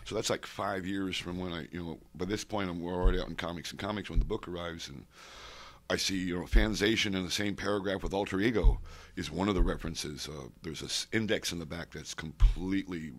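Deep-voiced older man telling long stories. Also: a little fast. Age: 60s. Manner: digressive, with many asides and restarts. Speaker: interviewee, comics fan and collector. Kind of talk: rambling oral-history storytelling. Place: convention center interview room.

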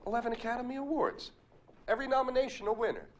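A man's voice: very high voice, rapid-fire, a little hiss or hum. An actor playing a wry male film producer who argues for a script. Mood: persuasive. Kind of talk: film acting.

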